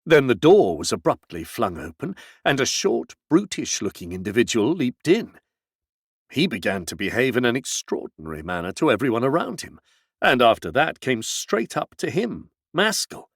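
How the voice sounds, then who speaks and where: Gravelly male audiobook narrator. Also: medium pitch, big pitch swings, normal speed, no room sound, studio quality. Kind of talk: scripted narration.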